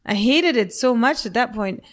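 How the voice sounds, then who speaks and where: Animated woman telling a race story. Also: fairly high pitch, moderate pace. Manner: animated storytelling, laughs at herself. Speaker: podcast co-host. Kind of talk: casual chat recapping a race.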